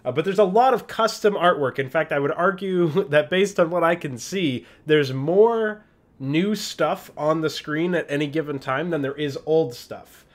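A man's voice: a little high, moderate pace. A man hosting a let's-play, talking casually and enthusiastically about a game he is playing. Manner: chatty, enthusiastic. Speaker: host.

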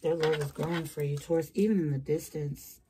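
A woman's voice: low voice, fairly even intonation, brisk, background noise. A woman giving a casual, chatty tarot reading from her small bedroom, talking straight to her viewers in slangy terms. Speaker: tarot reader.

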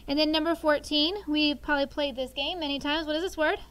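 A woman's voice: high voice, steady tone, fairly quick, fairly bright tone, low-quality recording. A woman teaching a sixth grade vocabulary lesson, chatty, explaining words with everyday examples and checking in with "okay?".

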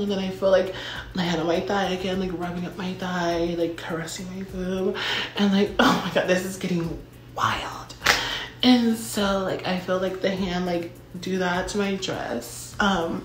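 A young woman telling a casual storytime monologue, chatty and full of filler words and dramatic asides. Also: on the low side. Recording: roomy echo.

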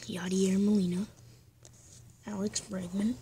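A woman hosting a card-pack opening vlog, often talking in a hushed whisper and getting excitable. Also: medium pitch, a little slow. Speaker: channel host. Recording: noisy with crinkling wrappers. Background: tearing and crinkling card packs.

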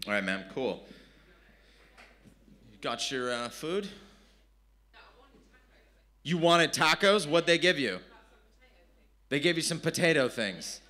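A man's voice: fairly high pitch, very animated, slow pace, pauses often, sharp tone. A man from San Diego, performing brash, profane stand-up with crowd work at a live comedy venue. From San Diego, California.

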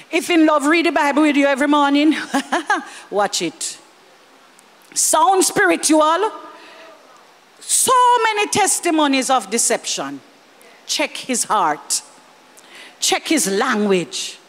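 A woman with a Jamaican accent preaching a lively sermon, slipping into Jamaican Creole and chuckling as she speaks. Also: sits high, measured pace, long pauses, long reverb tail. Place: church hall.

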